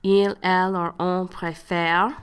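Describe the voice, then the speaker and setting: A woman teacher giving a step-by-step lesson, patiently explaining each point and modeling words slowly. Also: lowish voice, level tone, smooth. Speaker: French teacher. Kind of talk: classroom lesson narration.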